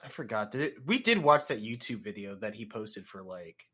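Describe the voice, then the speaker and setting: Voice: mid-range voice, expressive, a little fast, bright, forceful tone, breathy edge. A podcast co-host in casual chat, talking loosely and leaning on "like" as a filler.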